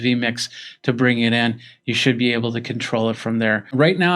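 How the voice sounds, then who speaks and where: A man's voice: medium pitch, a bit bright, no echo. Man explaining a mic, dry sound. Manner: explanatory, walks through steps with fillers. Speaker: tech reviewer. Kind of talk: casual product demo. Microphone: studio podcast mic close to mouth.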